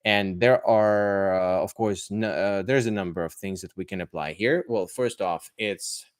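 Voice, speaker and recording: Low-voiced, hesitant man. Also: smooth, dry recording, studio quality. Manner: hesitant, full of pauses and restarts, addresses listeners as guys. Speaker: English teacher. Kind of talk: casual livestream podcast talk.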